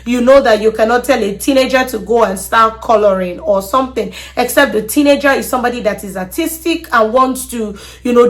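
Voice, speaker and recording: Woman, slightly high voice, parenting advice host, earnest, repeats words, checks in with listeners. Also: a bit bright. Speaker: podcast host.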